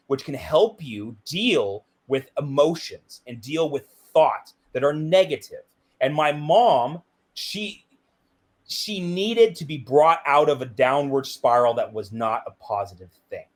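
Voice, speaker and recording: A middle-aged man, a guest in an interview, telling a candid personal story and acting out the dialogue in it. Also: slow. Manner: animated, acts out quoted dialogue with big pitch jumps.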